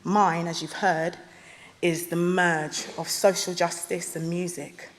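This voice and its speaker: A woman giving an earnest, emphatic motivational speech at a graduation ceremony, stressing some phrases slowly. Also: lowish voice, level tone, slight background noise. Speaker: honorary degree recipient giving a speech. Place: large ceremony hall. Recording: long hall reverb.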